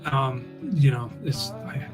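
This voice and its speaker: A man chatting on a live stream, rambling and animated and acting out the people he quotes. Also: mid-range voice, slow pace, over music, rough recording. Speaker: co-host. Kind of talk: casual live-stream chat.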